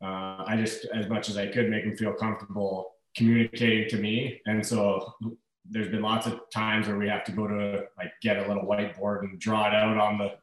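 A man's voice: lowish voice, little pitch movement, normal speed. A man in his thirties, a hockey player guest in a casual interview, talking in an easygoing, rambling way with fillers. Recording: echoey room.

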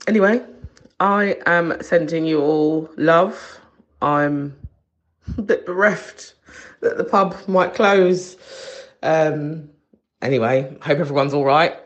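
A bubbly caller leaving a voice message from a bathroom, speaking in a slow, drawn-out way. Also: medium pitch, dull audio.

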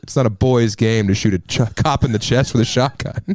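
A man's voice: mid-range voice, fairly quick, darkish tone, a little hiss or hum. An American man, a guest comedian, chatting casually on a podcast with wry, joking riffs. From United States.

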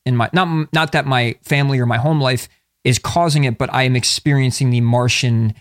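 A man co-hosting a podcast in casual chat, relaxed and rambling with many fillers. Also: medium pitch, fairly quick, no echo, studio quality. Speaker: podcast co-host.

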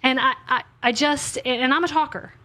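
Chatty animated woman author. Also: high voice, moderate pace. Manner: chatty and animated, quoting God in asides. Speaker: author and podcast host. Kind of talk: casual faith conversation.

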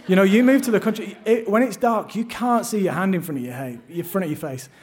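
A middle-aged man from London tells a first-person story live on a theatre stage, speaking fast in a high-pitched, slightly mellow voice with a breathy edge. He's wry and self-deprecating, often restarting his sentences.

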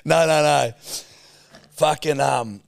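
Young Aussie male co-host, gravelly, animated, sweary, dry close mic. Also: on the high side, slow, no room sound. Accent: Australian. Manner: swearing, rambling storyteller. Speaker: podcast co-host. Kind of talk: casual banter.

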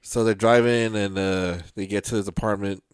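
A man walking through a film's plot in relaxed conversation, plain and matter-of-fact. His voice sits at an ordinary pitch, recorded dry and close. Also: moderate pace, clear, resonant tone, dry recording. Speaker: podcast co-host. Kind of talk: casual movie chat.

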